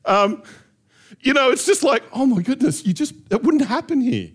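A middle-aged man telling lively anecdotes in a relaxed storytelling talk, often laughing as he goes. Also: very high voice, normal speed, pauses often, slightly rough. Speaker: speaker.

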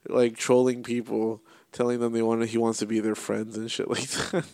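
A young man co-hosting a podcast, ribbing his friends in rambling, profane banter. His voice sits in a middle pitch and sounds dry and close. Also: flat delivery, normal speed, darkish tone, no room sound. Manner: teasing, rambling, swearing. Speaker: podcast co-host.

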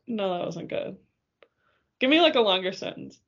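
A woman's voice: mid-range voice, lively intonation, moderate pace, husky, highs cut off. Wry, teasing woman co-hosting. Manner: wry, teasing, laughs often. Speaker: podcast co-host. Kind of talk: casual chat.

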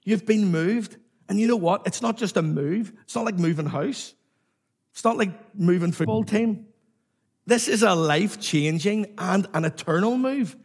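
Male preacher, husky and a bit high-pitched, emphatic sermon delivery with call-and-response. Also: measured pace. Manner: emphatic, repetitive, calls on the congregation to respond.

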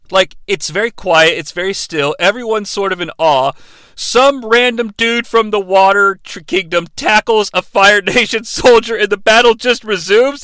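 A man's voice: sits high, bright, forceful tone, smooth, dry recording. A man hosting a podcast, recapping a movie in an irreverent, sarcastic comic style. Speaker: podcast host.

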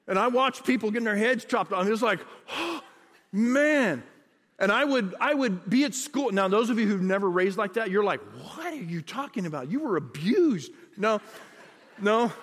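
A man preaching a sermon as pastor, in an animated, conversational way with repeated phrases and asides. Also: sits high, unhurried, in a large hall.

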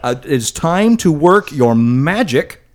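Brief: man hosting a podcast, slightly high voice, lively pitch, playful. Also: takes it slowly. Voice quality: playful, announcer-like segment reads. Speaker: podcast host.

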